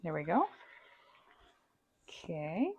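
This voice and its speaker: A woman with a low, husky, slightly mellow voice speaks slowly but very animatedly as she decorates a cake at home. She's chatty, self-deprecating and laughs often, and her wireless-mic recording has the highs cut off.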